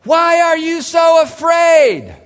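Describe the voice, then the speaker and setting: A man voicing a calm teacher who shouts over a storm with a teasing grin. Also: very high voice, slow, pitched above the performer's own voice, exaggerated voice. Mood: amused shouting. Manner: loud, grinning, teasing. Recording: long hall reverb.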